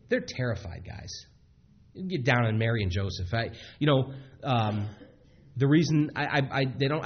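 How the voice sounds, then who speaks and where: Male preacher delivering a sermon, husky and halting, many restarts, mid-pitched. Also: muffled recording.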